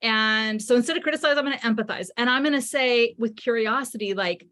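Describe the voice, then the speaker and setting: A woman's voice: fairly high pitch, quick pace, sharp tone. A middle-aged woman, a parenting author, explaining ideas in a podcast interview and acting out what parents say. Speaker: parenting author and psychotherapist guest.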